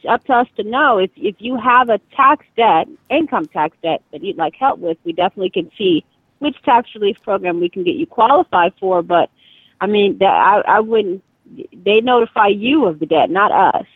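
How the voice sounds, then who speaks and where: A woman answering calls for a tax relief company, brisk and matter-of-fact. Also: mid-range voice, lively intonation, breathy edge, dry recording. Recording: tinny dry phone line.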